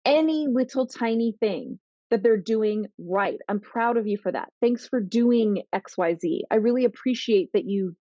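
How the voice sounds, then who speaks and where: A woman giving parenting advice on a podcast, earnest and animated, acting out what teens and parents say. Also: fairly high pitch, normal speed, no room sound, highs cut off. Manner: earnest, animated, acts out teen and parent voices. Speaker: parenting coach guest.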